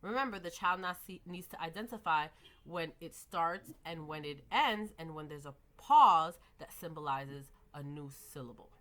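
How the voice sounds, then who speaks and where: Woman, young adult, teacher educator, methodical lesson, modeled classroom prompts, bright tone. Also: sits low, lively intonation, normal speed. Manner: methodical, models child-directed prompts and clapping.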